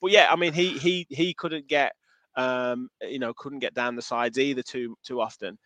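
A man's voice: mid-range voice, fairly even intonation, moderate pace, a bit bright, no room sound. A man co-hosting a football podcast, chatting casually, with many restarts and comments read from listeners. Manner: rambling, frequent restarts, reads out listener comments. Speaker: podcast co-host.

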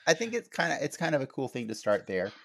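A man's voice: mid-range voice, big pitch swings, fast, creaky, fairly bright tone. A man hosting a podcast, chatting casually and rambling, with many fillers and restarts. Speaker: podcast host.

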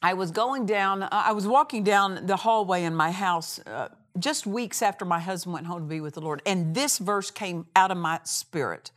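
A woman teaching from the Bible, emphatic, repeating phrases for stress and reading scripture slowly. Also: fairly low pitch, a bit bright. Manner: reads scripture slowly and deliberately.

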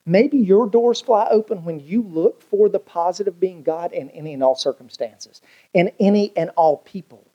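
A man, a pastor preaching a sermon in a folksy, storytelling way with big swings in pitch. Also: normal speed, breathy edge, muffled recording. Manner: folksy storytelling preacher, swooping pitch, colloquial Southern grammar.

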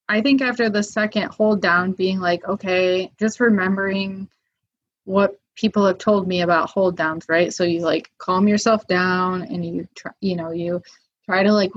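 A woman telling a story in a casual, lively way, with lots of fillers, acting out what people said. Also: medium pitch, unhurried. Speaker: guest. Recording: muffled lo-fi audio.

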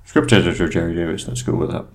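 Lower-voiced man, teasing. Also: fast talker, slight background noise. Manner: sarcastic, teasing. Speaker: podcast co-host. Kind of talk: casual podcast chat.

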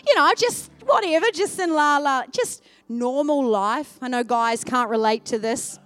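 A woman preacher telling a personal story in a sermon, swinging from loud, excited passages to hushed, tender ones. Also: high voice, measured pace. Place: church service.

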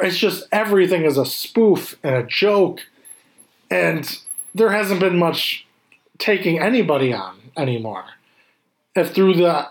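A man in casual chat, animated and swearing freely as he acts out scenes. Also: on the high side.

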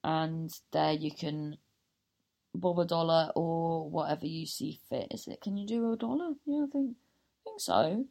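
A woman's voice: deep voice, animated, a little slow, vocal fry, mellow. A woman comedian hosting her own podcast, wrapping up an episode in a rambling, self-mocking way that keeps losing its thread. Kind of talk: casual podcast sign-off.

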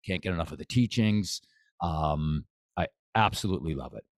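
A man's voice: sits low, expressive, moderate pace, no room sound. A man, a boxing coach, talking casually as a podcast guest, enthusiastic and rambling with restarts. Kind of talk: casual interview chat.

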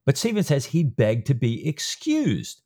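A man's voice: medium pitch, huge pitch swings, measured pace, dark tone. A man co-hosting a podcast about a novel, sharing his reactions with frequent restarts. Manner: shares reactions with restarts and 'I'm thinking' asides. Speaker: podcast co-host. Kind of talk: book discussion chat.

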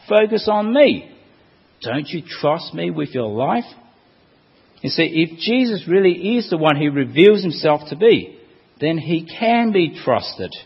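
A man preaches a sermon in a fairly high, husky voice that swings widely in pitch. He asks rhetorical questions and quotes scripture with emphasis. The sound is dull and lo-fi, with a long reverb tail from the hall.

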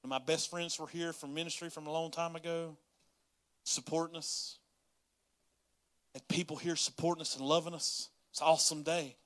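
Pastor, male, bright, slightly high voice; folksy sermon delivery that swells into loud pleading. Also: steady tone, moderate pace. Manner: folksy Southern-style preaching, rising to yelling in acted prayers.

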